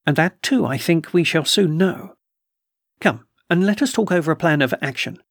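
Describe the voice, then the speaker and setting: Brief: quiet, assured occult doctor, gravelly and husky, read by a man. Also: a little high, animated, no room sound, studio quality, pitched above the performer's own voice. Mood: gentle. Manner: quiet, measured, gently assured. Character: calm commanding male occult doctor.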